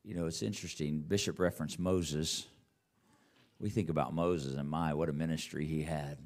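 A man preaching as a church elder, retelling scripture in a conversational way and voicing its characters. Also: on the low side. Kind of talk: sermon.

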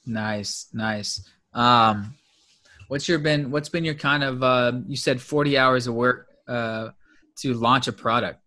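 A man hosting an interview, giving short acknowledgments and asking halting, restarted questions. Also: mid-range voice, steady tone, pushed and bright. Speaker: interviewer, podcast host. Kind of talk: casual interview.

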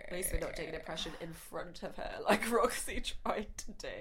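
A woman, co-hosting a casual podcast chat. She is lively and giggly, and her voice swoops up when she is amused. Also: fairly low pitch, a little fast. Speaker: podcast co-host. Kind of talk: casual chat about a TV show.

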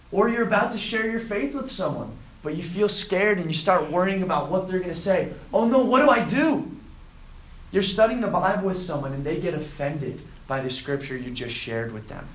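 A man preaching to students, retelling a scripture story and acting out the quoted lines with lively emphasis. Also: on the high side, reverberant, poor audio. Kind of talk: sermon to a student group.

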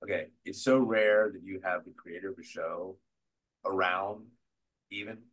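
Actor guest, male, bright forceful voice, animated storyteller. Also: low voice, normal speed. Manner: animated, restarts sentences often. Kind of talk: casual interview storytelling.

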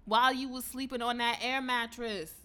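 A woman's voice: on the high side, moderate pace, clear, resonant tone. A woman co-hosting a casual chat, blunt and profane. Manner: blunt, profane, animated storytelling. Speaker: podcast co-host.

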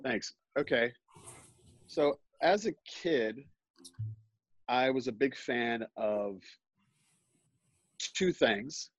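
A middle-aged man telling a personal story live on a podcast, halting and self-deprecating, with many restarts. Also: mid-range voice, expressive, no echo, highs cut off. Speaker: guest storyteller.

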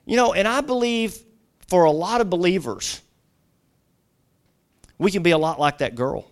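A man's voice: high-pitched, moderate pace. A middle-aged man preaching a sermon as a guest pastor, telling stories conversationally with lots of "you know" asides.

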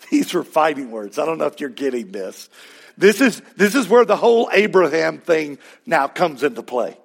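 A male pastor preaching a sermon in a conversational, emphatic way, with sudden loud peaks. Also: fairly high pitch, sing-song, normal speed, creaky.

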